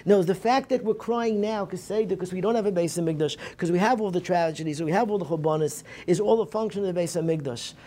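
Earnest man, mellow voice, Torah lecture. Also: sits high, fast, hardly any pauses. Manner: earnest, repeats and restarts phrases, mixes in Hebrew terms. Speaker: rabbi giving a lecture. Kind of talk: Tisha B'Av Torah lecture. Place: synagogue program.

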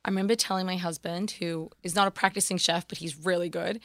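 An Australian woman guest chatting on a podcast, telling stories quickly. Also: on the low side, steady tone, a bit bright, dry recording. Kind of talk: casual podcast chat.

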